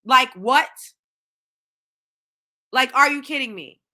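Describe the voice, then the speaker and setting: A woman's voice: high voice, slow pace, sharp tone. A woman hosting her own show, ranting in heated, profane commentary with lots of exclamations. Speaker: show host.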